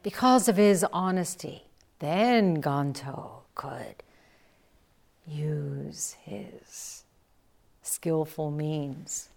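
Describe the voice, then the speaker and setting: A woman Zen teacher giving a dharma talk, telling a story slowly and reflectively and acting out the quotes. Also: sits low, vocal fry, darkish tone.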